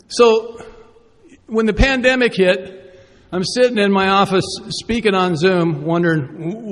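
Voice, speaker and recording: A man giving a personal recovery talk from a podium, conversational and self-deprecating, asking the audience rhetorical questions. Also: high-pitched. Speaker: recovery meeting speaker. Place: conference hall. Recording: reverberant hall.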